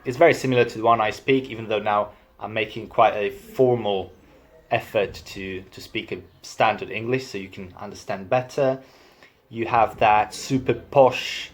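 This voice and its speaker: Chatty young man explaining accents. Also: on the low side. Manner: chatty, self-deprecating. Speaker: language assistant. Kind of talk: casual accent demo video.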